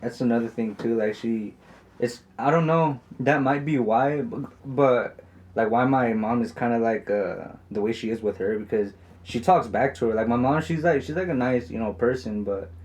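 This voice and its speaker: A man's voice: medium pitch, darkish tone. A man in his twenties, a podcast co-host telling a story in casual chat, rambling with many fillers and lots of swearing. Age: 20s.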